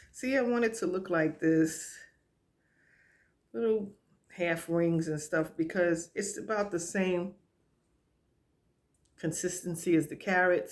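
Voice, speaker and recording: A middle-aged woman chatting casually while she cooks in her home kitchen, laughing often and talking straight to her viewers. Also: on the low side. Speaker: home cook vlogger. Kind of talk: casual cooking chat.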